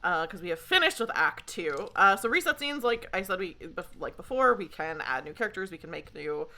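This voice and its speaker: A woman's voice: lowish voice, sing-song, fairly quick, pushed and bright. A young woman casually running a tabletop game, giggling and rambling with many fillers. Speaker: game facilitator.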